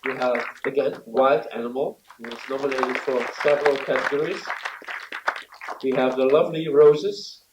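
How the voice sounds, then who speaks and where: A man presenting an award at a ceremony, speaking haltingly with many filler pauses; recorded in an event venue from a distance. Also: medium pitch, steady tone, background noise. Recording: roomy, distant, dull sound.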